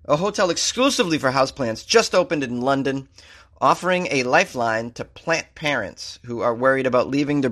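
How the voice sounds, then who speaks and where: A man's voice: medium pitch, a bit bright. A man from Massachusetts hosting a comedy show, riffing sarcastically on strange news stories and laughing at his own jokes.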